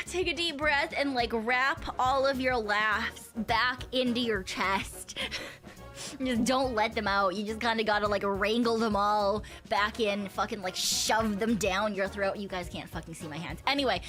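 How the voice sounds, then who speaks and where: A woman's voice: on the high side, a bit bright. Rambling young woman streamer. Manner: rambling, swearing, laughing often. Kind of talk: casual chat with viewers. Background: faint music.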